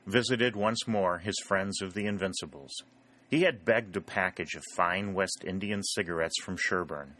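Male audiobook narrator, measured, lowish pitch, bright forceful tone. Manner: even, measured storytelling. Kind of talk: scripted narration.

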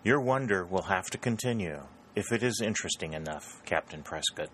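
A man voicing a proud, pale young woman who is cool and guarded, in a measured, reserved way in a read-aloud story. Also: low-pitched, animated, a bit bright, a little hiss or hum.

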